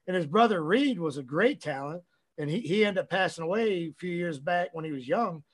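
A man guesting on a podcast, talking casually and profanely in a rambling, animated way. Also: high voice, brisk.

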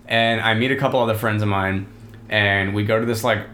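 A man's voice: lowish voice, steady tone, fairly quick, pushed and bright, roomy sound. Rambling young man telling a story. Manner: rambling, heavy use of "like", laughs often. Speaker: podcast host telling a story. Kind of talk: casual storytelling chat.

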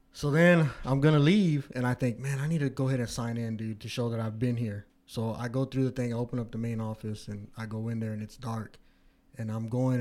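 A man in casual chat, telling a story with lots of swearing and high-pitched quoted voices. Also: darkish tone.

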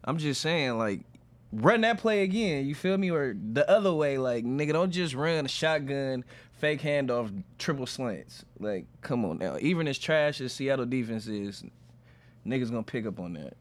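A young man talks through football plays in a relaxed, slangy way. His voice sits at a middle pitch. He goes over what went wrong for his team in an easy, conversational tone. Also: moderate pace. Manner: laid-back, slangy, breaks down football plays. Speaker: podcast co-host. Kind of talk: casual sports chat.

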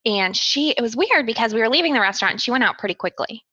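A woman co-host tells a story in easy podcast chat, speeding up and slowing down as she goes. Her voice is bright and crisp. It is recorded dry and close. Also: fairly high pitch, animated, no room sound, highs cut off.

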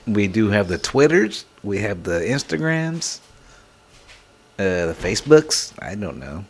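A man co-hosting a podcast, relaxed and joking in casual talk. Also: fairly low pitch, unhurried. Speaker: podcast co-host. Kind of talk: casual chat.

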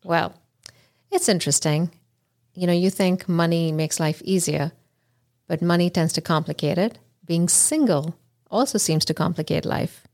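A woman's voice: on the low side, normal speed, darkish tone. A woman hosting a podcast, speaking in a reflective, conversational way. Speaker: podcast host.

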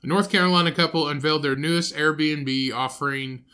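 Man, podcast co-host, casual chat, profane, laughing, higher voice, bright tone. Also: fairly quick, clear, resonant tone. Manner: loose and profane, laughs often, trails off.

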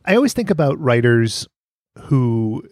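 Male podcast host, casual and wry, very animated delivery, dry close mic. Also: medium pitch, unhurried, dry recording. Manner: wry, laughing, swears casually.

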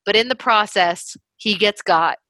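A woman's voice: medium pitch, unhurried, a little hiss or hum. A woman co-hosting a podcast, retelling a movie plot in casual chat, acting out lines and swearing freely. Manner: animated storytelling, swears freely, acts out quotes. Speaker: podcast co-host.

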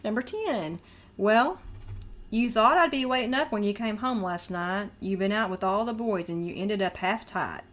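A woman's voice: mid-range voice, normal speed, a bit bright. A woman co-hosting a podcast, chatting casually, laughing often and breaking into song while quizzing her sister. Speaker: podcast co-host. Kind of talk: casual chat, quizzing by reading and singing lyrics.

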